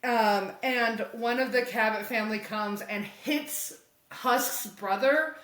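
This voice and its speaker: A woman's voice: a little high, slow pace. A woman co-hosting a podcast, casually and animatedly recapping a comic and acting out the characters' lines. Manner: animated storytelling, acts out characters' lines, laughs often. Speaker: podcast co-host. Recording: echoey room.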